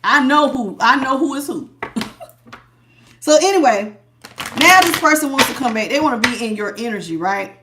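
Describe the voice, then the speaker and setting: A woman's voice: fairly high pitch, lively intonation, moderate pace, pauses often, background noise. A woman hosting a live tarot reading, chatting casually with viewers and laughing often.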